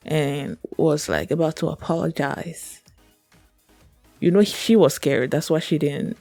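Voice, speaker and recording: A woman's voice: sits low, gravelly, warm tone, dry recording. A woman hosting a reaction video, telling a personal story in an earnest, emotional, rambling way with many fillers. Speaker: reaction channel host.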